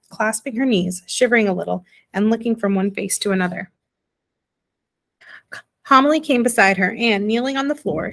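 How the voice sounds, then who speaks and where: A woman reading a children's novel aloud as narrator, in a gentle, even storytelling manner. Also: a little high. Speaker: audiobook reader.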